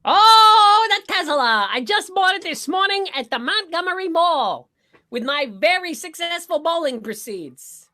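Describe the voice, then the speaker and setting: A boastful, dim rich husband with fake airs, as a man plays him. He rambles, stammers and brags in a very high, bright voice. The scene is an improvised murder-mystery comedy. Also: very animated, unhurried, heavily acted.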